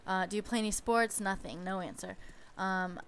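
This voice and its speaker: A woman's voice: medium pitch, steady tone, normal speed, a bit bright, clean tone. A young woman in a casual storytime vlog, chatty and exasperated, peppering her stories with "like". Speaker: babysitter telling stories.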